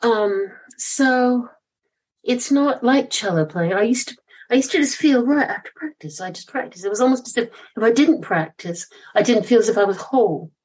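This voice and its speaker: An older woman speaking as a podcast guest, talking in a chatty, self-deprecating and animated way. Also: fairly high pitch, normal speed, slightly rough, rough recording. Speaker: guest author and former cellist. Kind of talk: podcast interview.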